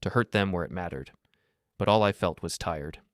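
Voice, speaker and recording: Man, narrator, first-person story, measured, earnest, lowish voice, dry sound. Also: a bit bright, no room sound.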